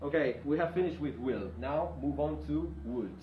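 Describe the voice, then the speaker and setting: A man teaching a grammar lesson in a classroom, with a slightly higher voice. He repeats his examples and keeps asking "yeah?" to check that his students follow. The room is echoey and the recording is distant and dull, with faint room sound behind him. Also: slight background noise. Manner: repeats example sentences slowly. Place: classroom with a whiteboard. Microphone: far from the speaker.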